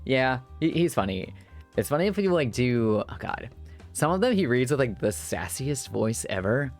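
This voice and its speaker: A man's voice: medium pitch, sing-song, moderate pace, soft background music. A male VTuber streamer chatting casually and laughing often with his viewers. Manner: giggly, chatty. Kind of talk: casual chat while playing.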